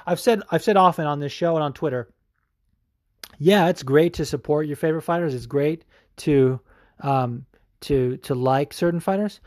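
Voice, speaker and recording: A young adult man hosting a show, ranting with a profane, salty and animated delivery and frequent fillers. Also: a little high, normal speed, dry recording, clean studio sound. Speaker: show host. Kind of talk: profane opinion rant.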